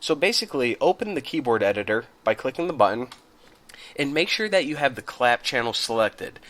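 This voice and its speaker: A man talks through a casual screen-recorded tutorial in a loose, friendly way, speaking straight to his viewers. He sits close to a desktop mic at his computer. A cough keeps catching in his throat, and he clears it now and then. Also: mid-range voice, brisk. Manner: relaxed, chatty, addresses viewers as guys. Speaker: software tutorial host.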